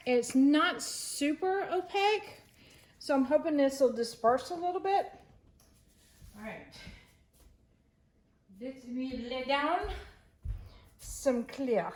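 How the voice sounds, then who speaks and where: A woman resin artist talking casually through a craft project, rambling and correcting herself as she thinks aloud. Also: a little high.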